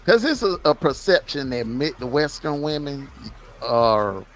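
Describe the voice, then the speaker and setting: A man's voice: a little high, sing-song, measured pace. A man chatting casually on a live stream, easygoing and full of compliments. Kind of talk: casual chat.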